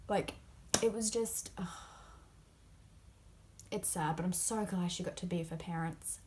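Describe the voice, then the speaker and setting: A woman's voice: fairly low pitch, measured pace, pauses often, darkish tone, slight background noise. A young woman chatting casually about a novel she loved, gushing, full of fillers and often dropping into a whisper. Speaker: book vlogger. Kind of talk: casual spoiler discussion of a novel.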